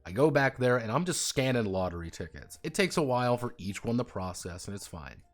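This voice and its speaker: Male streamer, animated pitch, curses a lot, laughs hard at his own stories, faint music behind. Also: fairly quick. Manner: swears freely, laughs hard telling stories. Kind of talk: casual stream chat. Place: home streaming setup.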